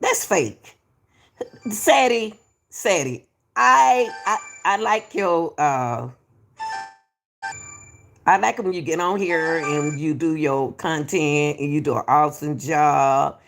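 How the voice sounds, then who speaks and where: Woman, gravelly voice, reaction commentary, repeats herself, says baby. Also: sits low, slow. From Atlanta, US. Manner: repetitive, emphatic, calls people baby. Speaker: YouTube commentator.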